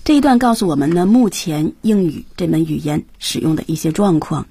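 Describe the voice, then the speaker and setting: A woman co-hosting a radio English lesson, summarizing passages and asking the guest questions in a lively way. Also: low voice, a little fast, breathy edge, no room sound.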